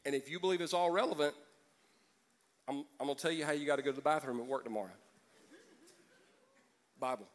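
A man's voice: on the high side, fast, long pauses. A man preaching a sermon as pastor, joking and acting out voices from the congregation.

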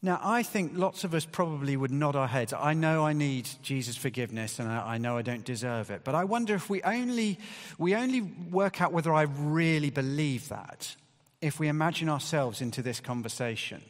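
A man's voice: a little high, moderate pace. A man preaching a sermon to a congregation, talking in a conversational way with emphatic bursts of stress. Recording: long hall reverb.

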